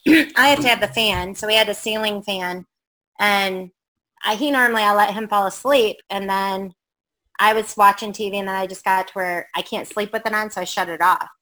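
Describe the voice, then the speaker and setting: A woman's voice: medium pitch, brisk, bright, forceful tone, poor audio. A middle-aged woman telling a spooky personal story in casual chat, rambling with fillers and acting out what people said. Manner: rambling, with many fillers and acted-out quotes. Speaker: guest telling a ghost story.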